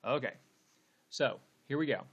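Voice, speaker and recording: A man's voice: medium pitch, normal speed, breathy edge, muffled recording. Male teacher, casual poetry lecture, chatty with lots of "okay" and "um". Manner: conversational, frequent "okay" and fillers.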